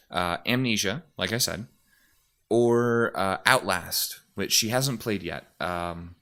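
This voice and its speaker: Very low-voiced man rambling casually. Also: fairly bright tone. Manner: rambling, hesitant, many fillers and restarts. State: slightly out of breath, sniffly. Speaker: YouTuber and streamer. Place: room at home. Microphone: desk mic.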